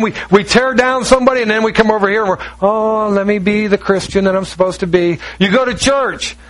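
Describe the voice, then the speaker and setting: A man's voice: very high-pitched, fairly bright tone, low-quality recording. A man preaching a sermon in an emphatic, conversational way, asking rhetorical questions and acting out the people he quotes. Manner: acts out quoted voices. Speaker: pastor.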